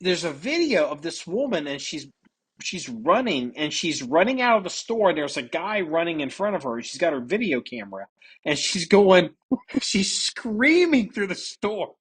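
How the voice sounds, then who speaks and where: A man's voice: on the high side, big pitch swings, moderate pace, a bit bright, slightly rough. A man hosting a casual podcast, reading odd news stories aloud and laughing and joking about them. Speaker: podcast host.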